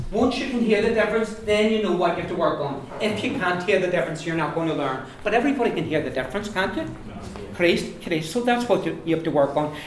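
A language teacher giving a classroom pronunciation lesson to a group of learners, repeating words over and over and explaining patiently. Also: mid-range voice. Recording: very echoey room, far from mic, noisy.

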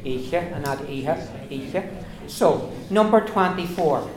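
A man teaching pronunciation in a classroom, repeating words slowly for his pupils. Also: fairly high pitch, reverberant, crowd noise. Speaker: Irish language teacher.

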